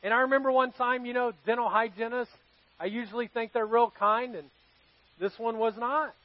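High-voiced man preaching a sermon. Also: steady tone, moderate pace, highs cut off. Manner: conversational storytelling, asks the audience questions. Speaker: pastor. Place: church service with live congregation.

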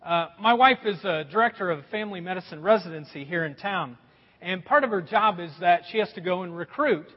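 A man's voice: a little fast, in a large hall, muffled recording. A middle-aged man preaching a sermon as a pastor, telling stories with a lot of swings in his voice. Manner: animated storytelling with a lot of pitch swings.

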